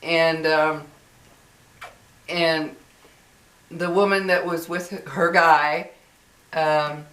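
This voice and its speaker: A woman's voice: sits low, fairly even intonation, very slow, pauses often, a bit bright, roomy sound. A woman vlogger venting in a casual, exasperated monologue full of fillers and restarts.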